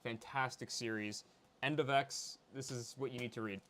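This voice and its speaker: A man as a guest in a casual chat, relaxed and joking with quick asides. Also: mid-range voice.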